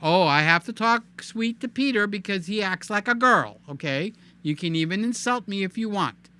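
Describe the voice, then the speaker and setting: A man hosting a live stream in casual, animated chat, cooing in baby talk and reading viewer comments aloud. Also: sits high, normal speed, smooth. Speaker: livestream host.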